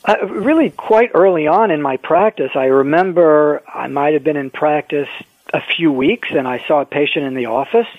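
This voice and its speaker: A man, an orthopedic surgeon, telling wry stories in a measured way as a guest in an interview. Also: fairly high pitch, no room sound. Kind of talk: phone-in interview, storytelling. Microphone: telephone. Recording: tinny phone line.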